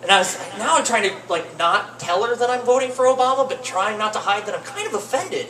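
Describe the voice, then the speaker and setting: A young man doing rambling open-mic stand-up comedy in a cafe, with deadpan asides. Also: sits high, brisk, hardly any pauses. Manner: rambling, deadpan asides, lively swings into mock voices. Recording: roomy cafe with faint noise, distant mic.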